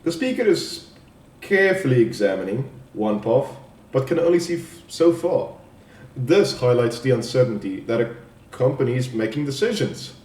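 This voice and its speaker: A man presenting a spoken poem analysis as a student assignment, explaining in a halting way with restarts. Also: medium pitch, very animated, darkish tone. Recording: echoey room, distant mic.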